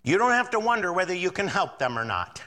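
A man's voice: sits high, quick pace, big-room sound. A man preaching a sermon as pastor, acting out the voices of doubters and worriers as he goes. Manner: animated preaching, acts out quoted doubters.

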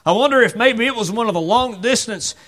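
A man's voice: extremely high pitch, expressive, brisk, a bit bright. A man preaching a sermon in a church, conversational and full of rhetorical questions, acting out the voices of the people in the story.

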